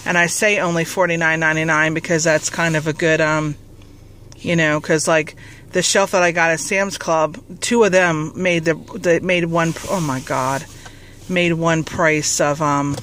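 A woman's voice: deep voice, steady tone, measured pace, fairly bright tone, slight background noise, rough recording. A woman rambling casually in a haul vlog, with lots of fillers and restarts, a bit out of breath, outdoors in a parking lot. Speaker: vlogger.

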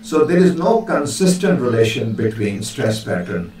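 A man's voice: mid-range voice, sing-song, a little mellow, distant mic. A man giving a linguistics lecture, hesitant and full of fillers, stopping to demonstrate how words are pronounced. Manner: slow, hesitant delivery with many fillers, demonstrating pronunciations. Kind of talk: recorded lecture. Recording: very echoey room, voice a bit off-mic, faint hiss.

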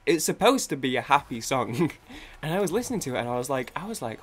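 This young man's medium-pitched voice is sing-song and quick. While gaming for his YouTube channel he rambles loosely, curses freely and repeatedly interrupts himself partway through sentences.

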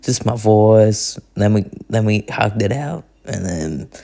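Slangy gravelly young man. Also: fairly low pitch, expressive, slow, mellow. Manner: slangy, says mate constantly. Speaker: vlogger. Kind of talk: casual vlog narration.

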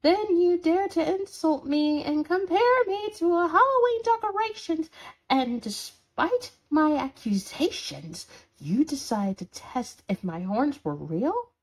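A woman's voice: fairly high pitch, sing-song, slow pace, darkish tone, husky, full character voice. Woman as a bratty, sarcastic horned demon. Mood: exasperated scolding. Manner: sarcastic, scolding, dramatic swings. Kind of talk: audio role-play for a listener.

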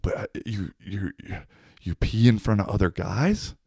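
A man's voice: fairly low pitch, expressive, unhurried, vocal fry, warm tone, slightly rough, dry recording, studio quality, exaggerated voice. A man voicing an anxious, bashful young man who asks hesitant, worried questions.

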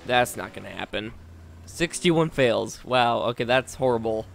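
A man's voice: mid-range voice, animated, measured pace, vocal fry, fairly bright tone, a little hiss or hum. Man muttering and grumbling over gameplay. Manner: talks to himself and the game, swinging between muttering and exasperated outbursts. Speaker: gaming channel host. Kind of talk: live gameplay commentary.

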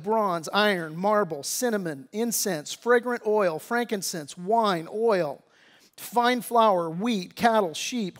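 A man preaching a sermon as pastor, reading scripture and breaking into casual, slangy asides, rising and pressing when he exhorts. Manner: conversational preaching, grows louder and higher when exhorting.

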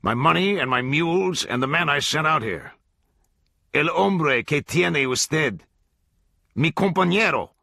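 A man's voice: on the high side, animated, a little slow, gravelly, sharp tone, no echo, clean studio sound, pitched above the performer's own voice, heavily acted. A man voicing a hard, menacing gang leader who repeats blunt demands without letting up. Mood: cold, demanding.

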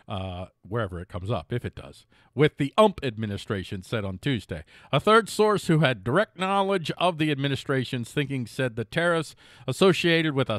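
A man's voice: medium pitch, fairly bright tone, no room sound, studio quality. A middle-aged man hosting a casual news commentary show, reading headlines and breaking off into sarcastic, self-mocking asides with frequent restarts.

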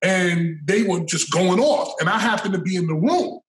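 A middle-aged man telling his story as an interview guest, animated, emphatic and full of swearing. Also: sits high, normal speed. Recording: echoey room, mic at a distance.

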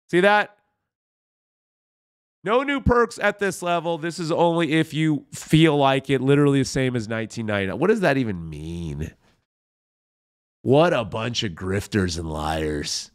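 Sarcastic man ranting with lively pitch. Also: normal speed, pauses often. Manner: sarcastic and mocking, with exaggerated fake enthusiasm; speaks directly to viewers as friends. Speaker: commentary host. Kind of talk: ranting reaction commentary.

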